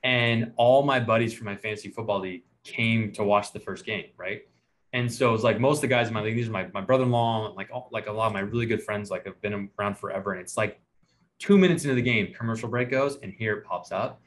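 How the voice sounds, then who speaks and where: A male podcast host with a fairly low voice spins a story fast in loose, easy conversation. He jumps into the voices of the people he quotes and laughs often, poking fun at his own embarrassment.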